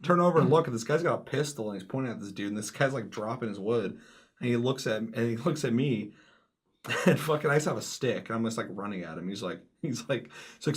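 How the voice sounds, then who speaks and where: Husky-voiced man in casual gaming chat. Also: mid-range voice, quick pace. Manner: laughing, profane, excitable storytelling. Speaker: podcast co-host.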